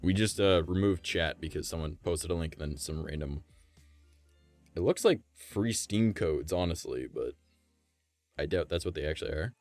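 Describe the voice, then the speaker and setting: A man streaming from home, chatting casually with a gravelly, vibrating voice, rambling and swearing. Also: low voice, normal speed, darkish tone, no echo, soft background music. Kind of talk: casual live-stream chat.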